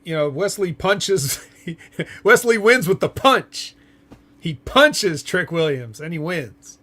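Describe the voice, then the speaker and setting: Slightly high-voiced man recapping casually. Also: very animated, slow, pushed and bright. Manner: hesitant, filler-heavy recapping. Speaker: co-host.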